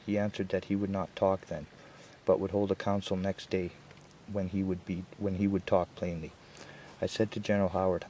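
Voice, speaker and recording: A man with a low, mellow voice reads a historical first-person account aloud. His delivery is slow, measured and even, with little rise and fall. There is a faint hiss behind him. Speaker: reader.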